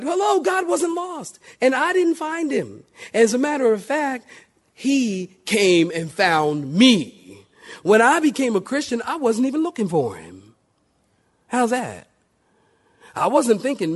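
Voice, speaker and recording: A middle-aged man, a pastor preaching a sermon, addressing the congregation with questions and calls for amen, swinging from loud emphasis to quiet intimacy. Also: very high-pitched, wildly swooping pitch, measured pace, breathy edge.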